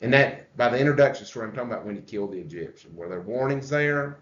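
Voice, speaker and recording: A male pastor leading a church Bible study, explaining the text slowly and putting questions to the group. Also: mid-range voice. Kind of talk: conversational Bible study teaching. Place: church room. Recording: echoey room, dull lo-fi sound.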